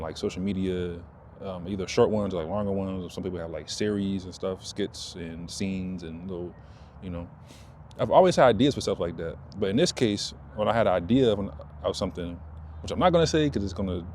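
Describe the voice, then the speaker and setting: A man talking casually to his audience outdoors, rambling and repeating himself, perking up when excited. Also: deep voice, a little hiss or hum. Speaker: vlogger. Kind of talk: casual talk to camera.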